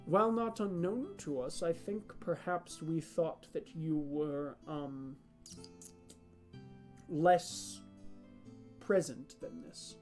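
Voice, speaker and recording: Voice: medium pitch, takes it slowly, pauses often, a little mellow, faint music behind, close to an everyday voice. A game master voicing an ancient orc spirit freed from a sword after a thousand years, talking in a casual, wondering, slightly bumbling way. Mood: awkward.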